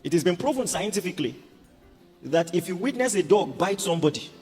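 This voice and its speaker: A man preaching a sermon as a pastor, animated and humorous. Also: sits high, a little fast, husky. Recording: reverberant hall with music behind.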